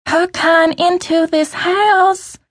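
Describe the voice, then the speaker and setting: A woman narrator voicing a haughty, disdainful society mother with a shrill, high-pitched voice in an audiobook. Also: steady tone, slow, no room sound. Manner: shrill, looks down on others.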